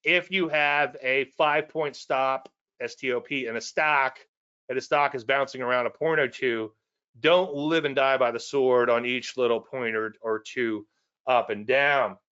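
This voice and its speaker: A man's voice: medium pitch, fairly even intonation, a little slow, bright, forceful tone, smooth, muffled recording. A man hosting a market show, teaching casually in a rambling, conversational way with self-deprecating asides and repeated points. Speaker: trading educator and show host.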